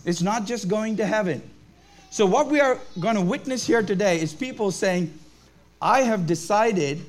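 Brief: upbeat male preacher, high voice, unhurried delivery, speaking to kids and families at church. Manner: upbeat, asks the children questions. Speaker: pastor leading a family service. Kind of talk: family sermon for children and adults. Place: church service.

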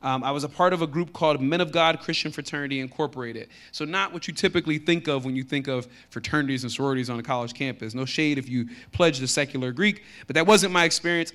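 A man with a Texan accent preaching a sermon, reading scripture slowly and growing more forceful on his main points. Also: medium pitch. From Texas. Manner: conversational preaching that builds in force on key lines; slows down to read scripture aloud. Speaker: pastor.

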